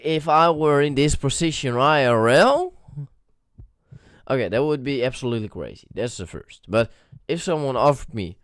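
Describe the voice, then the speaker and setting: A man reading a story game aloud and commenting on it, rambling and hesitant while he sounds sick and hoarse. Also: mid-range voice, dry recording, studio quality. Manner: rambling, hesitant, with many restarts and fillers. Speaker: gaming YouTuber playing a story game.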